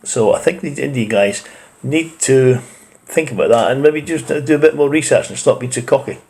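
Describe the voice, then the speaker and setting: A man's voice: mid-range voice, normal speed, a little mellow, a little hiss or hum. A man with a Scottish accent gives blunt, opinionated casual commentary as a reaction video host, with mild swearing. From Scotland.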